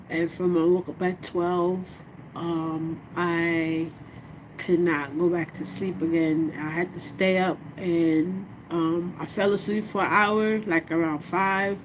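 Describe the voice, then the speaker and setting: A middle-aged woman speaks slowly and heavily to camera, her voice sitting a little low. She talks in a casual, heartfelt way and keeps asking if you follow her. A steady background noise hums under her. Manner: slow, heartfelt, conversational, often asks "you know what I mean". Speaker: vlogger. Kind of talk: personal vlog monologue.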